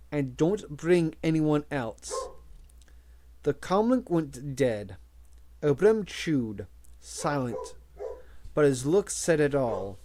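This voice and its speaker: A man reading a novel aloud as an audiobook, measured and expressive. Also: on the high side, slight background noise. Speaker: audiobook reader.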